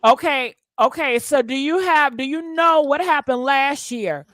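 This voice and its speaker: Gossip host, woman, high voice, dry close mic, exclaiming and chatty. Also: measured pace, fairly bright tone, no room sound. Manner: exclaiming, talks straight to viewers. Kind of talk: live-stream gossip commentary.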